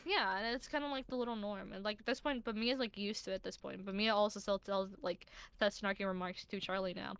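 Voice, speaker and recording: A woman's voice: mid-range voice, a bit bright, clear, resonant tone, dry recording. A young woman in casual chat, rambling with many fillers as she earnestly defends characters from a roleplay series. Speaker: streamer and roleplay series member.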